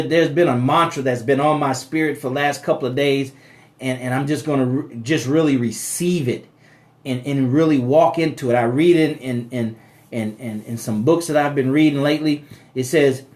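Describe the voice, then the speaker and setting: A man giving a motivational live-stream talk about money, preaching to his listeners as brothers and sisters and repeating his key points with frequent stammers and restarts. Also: a little high.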